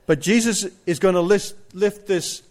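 Emphatic preacher, slightly high voice. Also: male voice, moderate pace, darkish tone. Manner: emphatic, asks the congregation rhetorical questions. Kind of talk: sermon.

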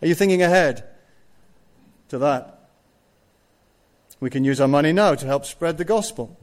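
A man's voice: on the high side, normal speed. A man preaching a sermon, stressing his points and putting rhetorical questions to the congregation.

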